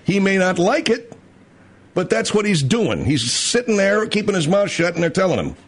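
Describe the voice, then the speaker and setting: A male talk host ranting in blunt, profane commentary, his pitch swinging widely as he mocks and acts out the people he describes. His voice sits a little high for a man. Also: big pitch swings, normal speed, slightly rough. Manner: blunt, profane, mocking, puts on voices of others. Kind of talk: ranting commentary with acted-out dialogue.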